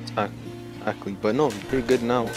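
A man's voice: medium pitch, steady tone, fast. A young man and student in a heated argument, insistent and aggrieved, pressing his point again and again. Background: music playing.

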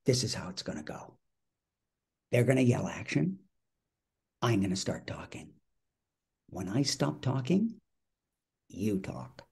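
A man's voice: normal speed, vocal fry, few pauses, heavily acted. A man putting on a frantic old Hollywood showman who barrels through his lines with big, restless energy. His voice jumps well above his usual register when he gets going, and he never waits for anyone else. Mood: low confiding. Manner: rambling, shouting, high energy. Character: manic older male Hollywood star, loud and bossy.

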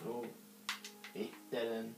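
Slow, rambling male gamer in a roomy echo. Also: medium pitch, monotone, music in the background. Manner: rambling, giggly, talks to himself while playing. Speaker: gaming channel host. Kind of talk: casual gameplay commentary.

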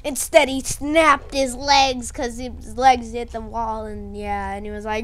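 A woman excitedly recapping a game fight in a rambling play-by-play, often correcting herself. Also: a little high, a little slow. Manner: excitable, self-correcting, mimics characters with shouts. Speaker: gameplay narrator. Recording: noisy home recording.

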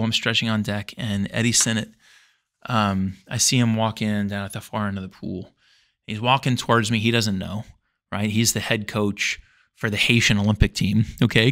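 A middle-aged man, a former swimmer, telling a long story in a casual interview, rambling and animated, full of fillers and restarts. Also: fairly low pitch. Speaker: podcast guest, former Olympic swimmer.

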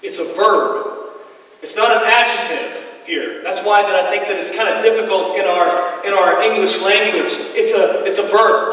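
A pastor preaching a sermon, telling stories in a halting, conversational way with many restarts. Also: male voice, high voice, bright, forceful tone. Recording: echoey hall, mic far off.

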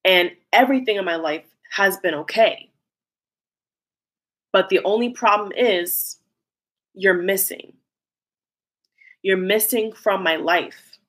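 A woman's voice: medium pitch, takes it slowly, pauses often, a bit bright. Woman voicing a remorseful pleading lover. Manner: pleading, blunt, emotional first-person outpouring. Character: remorseful lover begging forgiveness, anguished. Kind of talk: channeled message spoken aloud.

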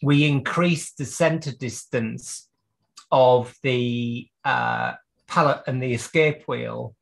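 A man's voice: mid-range voice, steady tone, slow, creaky. A man teaching clock repair during a live video call, working at a bench and thinking aloud as he explains each step. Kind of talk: live workshop demonstration.

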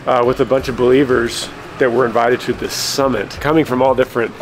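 A man's voice: mid-range voice, flat delivery, brisk, soft background music, poor audio. A man hosting a family vlog, chatting casually and a little out of breath, often restarting his sentences. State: slightly out of breath. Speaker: vlog host and preacher.

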